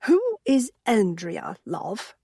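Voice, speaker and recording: A woman doing a gentle teacherly Aussie-Southern lady. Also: mid-range voice, lively intonation, takes it slowly, creaky, slightly rough, no echo, studio quality, full character voice.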